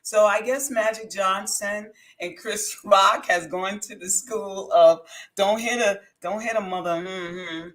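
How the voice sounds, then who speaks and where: A woman's voice: medium pitch, steady tone, a little slow, a bit bright. A woman giving casual reaction commentary on a clip, blunt and opinionated, with chatty restarts.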